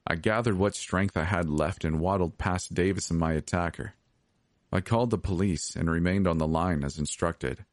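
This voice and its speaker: A man reading a scripted horror story as podcast narrator, steady and measured. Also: sits low, no echo, clean studio sound.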